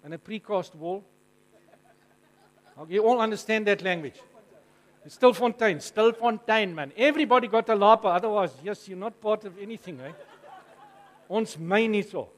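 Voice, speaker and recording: A South African man preaching from the front of a congregation, his voice sitting noticeably high for a man. He tells his stories with humour and keeps drawing the crowd in with questions. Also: moderate pace, pauses often, low-quality recording. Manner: animated and jokey, asking the audience questions. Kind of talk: storytelling sermon to a live congregation.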